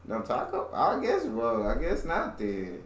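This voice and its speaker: A man's voice: mid-range voice, wildly swooping pitch, unhurried. An American man hosting a reaction video, chatting casually and emphatically, laughing often. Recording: roomy echo.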